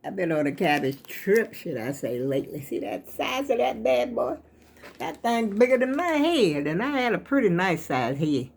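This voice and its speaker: A woman's voice: on the high side, very animated, moderate pace, vocal fry, a little mellow, husky. An older woman, chatting casually at home for a vlog, rambling and a bit out of breath. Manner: rambling, chatty, addresses viewers as y'all. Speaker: vlogger.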